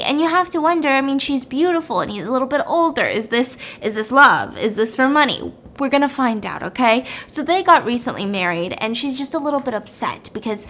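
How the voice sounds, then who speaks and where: A woman's voice: high-pitched, brisk, hardly any pauses. A woman hosting, animatedly retelling a movie plot in casual chat. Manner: animated storytelling. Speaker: podcast host.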